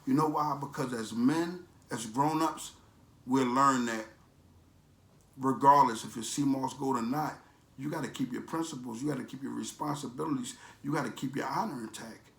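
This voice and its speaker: A man's voice: medium pitch, normal speed, vocal fry, a bit bright, reverberant. A man ranting in a preachy, motivational way as a vlogger, with emphatic, streetwise, repetitive phrasing. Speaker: vlogger promoting a supplement.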